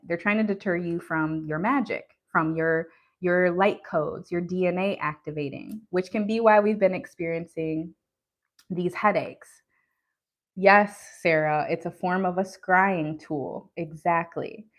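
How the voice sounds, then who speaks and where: A woman hosting a live tarot stream, talking casually and earnestly to her viewers about spiritual practices, with frequent ums and you-knows. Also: fairly low pitch. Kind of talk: casual live-stream talk answering chat.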